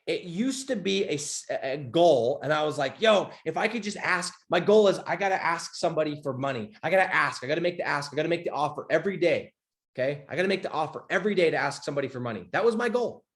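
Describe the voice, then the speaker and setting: A man's voice: on the high side, lively intonation, quick pace. A man coaching on a livestream in a blunt, emphatic way, swearing often and checking in with "okay?". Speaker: business coach. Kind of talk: motivational livestream talk. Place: home office.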